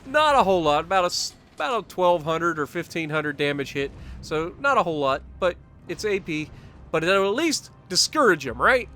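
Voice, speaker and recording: A man giving casual commentary over his own gameplay footage, upbeat and quick to chuckle. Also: a little high, very animated, bright, forceful tone, soft background music. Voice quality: chuckles often, upbeat and talkative. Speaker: gaming commentator.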